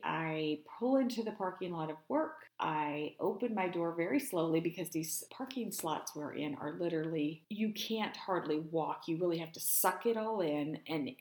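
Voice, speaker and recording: Chatty woman telling a story, roomy sound. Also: deep voice. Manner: chatty, lively retelling with repeated words. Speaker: vlogger sharing self-help tips. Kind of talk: casual personal storytelling. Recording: roomy echo.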